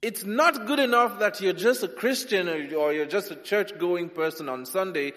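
A man from Nigeria, preaching a sermon with humour, swinging between loud and soft. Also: sits high, normal speed. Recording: long hall reverb.

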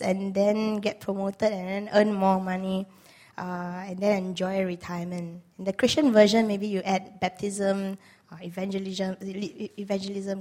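A woman from Malaysia, hoarse from a lost voice, preaching an earnest sermon to a church congregation. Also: medium pitch, darkish tone. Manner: earnest, asks the congregation questions. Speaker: guest preacher.

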